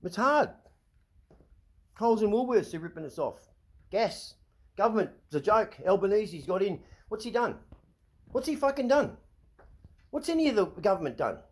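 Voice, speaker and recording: A man's voice: high voice, big pitch swings, moderate pace. Agitated Australian man ranting. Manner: agitated, swearing, repeats and restarts words. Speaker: vlog host. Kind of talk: ranting monologue.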